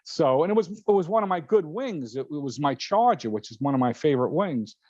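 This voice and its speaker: An older man and guest pilot, telling a story in casual talk, animated and laughing often as he acts out other people's voices. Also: a little high, brisk, no echo. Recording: dull lo-fi sound.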